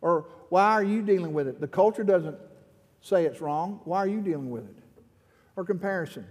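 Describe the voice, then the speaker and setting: A middle-aged pastor preaches passionately at a moderate pace, his high, darkish voice echoing through a long hall. After explaining a passage he drives the point home with growing urgency, building into fervent prayerful pleading.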